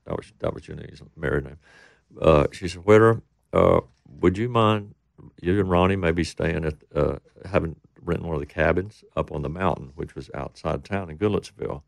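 A man's voice: low-pitched, normal speed, vocal fry, no room sound, studio quality. A middle-aged man telling a rambling story in casual talk, acting out the voices of the people he quotes. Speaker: interview guest.

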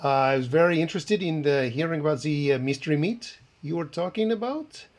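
A man playing a proud male chef who speaks with a put-on French accent and hesitant, halting delivery in an improvised comedy podcast bit. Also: fairly high pitch, darkish tone, lightly acted. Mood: smug. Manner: halting, full of "uh" pauses. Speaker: guest chef.

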